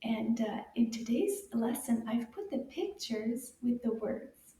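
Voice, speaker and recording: A woman teaching French to young children, coaxing them to repeat words and saying each word loudly and cheerfully. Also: fairly high pitch, expressive, takes it slowly, reverberant. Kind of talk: children's language lesson.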